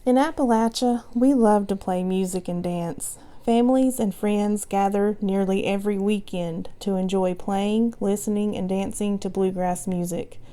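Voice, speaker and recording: Storytime reader: woman, expressive folktale read-aloud for kids, middling pitch. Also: normal speed, few pauses. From Southwest Virginia. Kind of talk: reading a folktale aloud for children.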